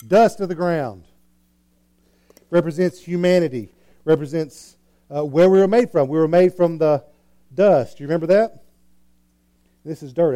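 Preaching in a warm, mellow, high voice, this man animates his sermon story by playing each character. His volume swings widely, from quiet asides to sudden loud, excited outbursts.

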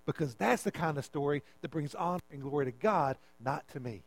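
A man's voice: on the high side, lively intonation, a little fast, few pauses, low-quality recording. A man preaching a sermon as pastor, emphatic and repeating his phrases as he calls out to the congregation.

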